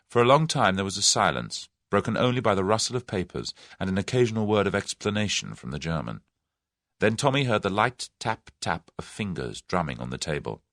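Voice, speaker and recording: Deep-voiced male audiobook narrator. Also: sing-song, moderate pace, a bit bright, dry recording, studio quality. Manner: dramatic storytelling. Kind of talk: scripted narration.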